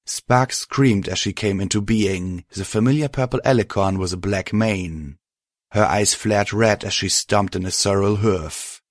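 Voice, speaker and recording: Low-voiced man reading a dark tale. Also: a little slow, no echo, clean studio sound. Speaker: narrator. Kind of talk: storybook narration.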